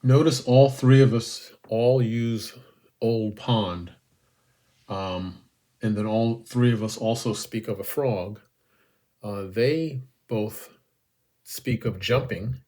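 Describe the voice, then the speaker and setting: A man teaching haiku in a relaxed, unhurried way, thinking aloud with many ums and uhs. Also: medium pitch. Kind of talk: relaxed spoken lesson.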